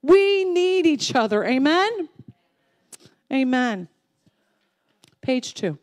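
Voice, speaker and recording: A woman pastor preaching a sermon, emphatic and repetitive, swinging from loud declarations to soft, slow lines. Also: high voice, sing-song. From Texas family, Southern upbringing.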